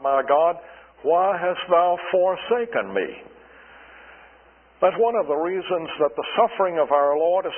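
A man preaching a sermon in a slow, deliberate way, asking his congregation rhetorical questions. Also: fairly high pitch, slightly rough. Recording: tinny radio broadcast with long reverb.

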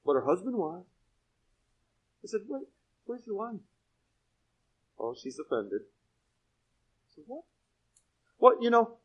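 A man preaching a Bible sermon, telling stories and asking his congregation questions, and swinging from hushed asides to loud, emphatic points. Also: fairly high pitch, rough recording. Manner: conversational storytelling with direct questions to the congregation. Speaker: pastor. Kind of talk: expository sermon.

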